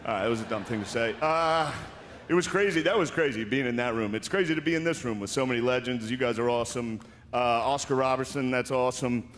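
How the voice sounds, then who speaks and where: A man's voice: mid-range voice, fast talker, a bit bright. Male comic hosting an awards show, rambling stand-up storytelling, big echoing hall, light background hiss. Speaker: comedian host. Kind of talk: stand-up comedy monologue. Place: large awards hall on stage. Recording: long hall reverb, faint noise.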